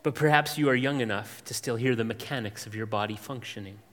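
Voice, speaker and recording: A man preaching an expository sermon as pastor, measured and emphatic, with dramatic pauses and long lists. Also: mid-range voice, fairly bright tone, long reverb tail.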